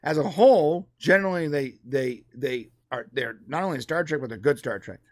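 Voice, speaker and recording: Higher-pitched guy cohosting a pop culture podcast, animated, dry close mic. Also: moderate pace, no room sound. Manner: animated, acts out quotes in put-on voices. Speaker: podcast co-host. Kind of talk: casual pop culture chat.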